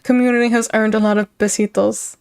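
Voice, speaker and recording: A young woman streamer chatting casually with her chat, her voice sitting a little high. She rambles from thought to thought and keeps dissolving into giggles. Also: flat delivery, fast, gravelly, a little mellow, smooth. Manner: giggly, laughs often, rambling.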